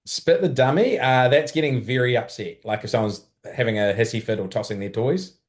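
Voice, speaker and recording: A man hosting a podcast, explaining things plainly in a relaxed casual chat. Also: medium pitch, fairly quick. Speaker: podcast host.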